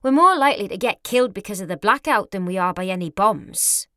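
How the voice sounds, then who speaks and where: A woman voicing an impulsive, loud young nurse with a Newcastle accent, blunt and excitable. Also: medium pitch, brisk, dry recording, studio quality, close to an everyday voice. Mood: careless.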